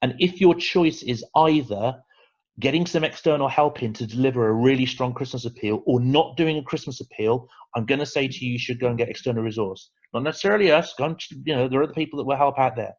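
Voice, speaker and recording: A man presenting a fundraising webinar, emphatic and animated, repeating words for stress. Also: mid-range voice, quick pace, dull audio.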